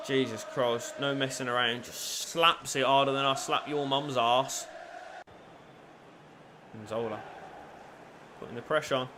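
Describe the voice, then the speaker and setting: A young man giving crude, cheeky commentary over a football video game, swinging from low mutters to shouted goals. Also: steady tone, measured pace, pauses often, background noise. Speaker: gaming YouTuber. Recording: faint music behind.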